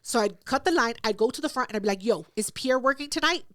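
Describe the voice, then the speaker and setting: Loud, high-voiced woman telling a wild story. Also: fast, no echo, clean studio sound. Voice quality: loud, profane, animated retelling with acted-out quotes. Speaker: podcast co-host. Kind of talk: casual storytelling chat.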